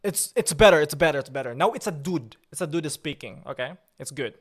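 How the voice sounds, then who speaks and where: Male streamer, chatty and a bit high. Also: fast. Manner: irritable, then forces himself calm and joking; chatty, reads and answers viewer chat. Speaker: livestream host. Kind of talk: casual livestream chat.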